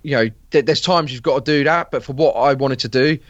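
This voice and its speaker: A man talking casually on a podcast, rambling and circling back with fillers and restarts. His voice sits mid-pitch. The sound is dry and slightly muffled. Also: a little fast, no echo. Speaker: podcast guest. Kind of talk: casual chat.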